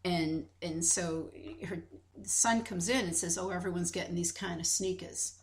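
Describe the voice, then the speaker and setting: A podcast co-host with a lowish voice chats casually at a moderate pace. She tells stories animatedly, acts out quoted dialogue, and restarts her sentences many times.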